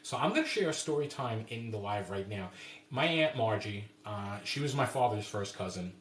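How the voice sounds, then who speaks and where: A man's voice: fairly low pitch, very animated, normal speed, a little hiss or hum. Rambling New man, roomy sound. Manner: rambling, restarts often, warm storytelling. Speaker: cooking live-stream host. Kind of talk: casual live-stream chat. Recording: roomy echoey room.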